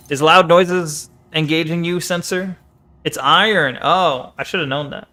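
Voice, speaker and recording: A man's voice: a little high, measured pace, sharp tone. A young man streaming a game, playfully commenting and chatting with his viewers. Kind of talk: live gameplay commentary.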